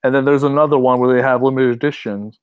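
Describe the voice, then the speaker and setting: A man's voice: mid-range voice, fairly even intonation, fast, clean tone, phone-quality sound. A man in casual gaming chat, easygoing and agreeable. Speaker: co-host.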